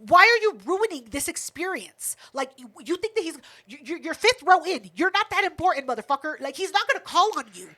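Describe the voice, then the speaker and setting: High, bright-voiced ranting woman. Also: fairly quick, few pauses. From United States. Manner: animated ranting storyteller, swears a lot. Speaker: podcast co-host. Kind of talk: casual chat.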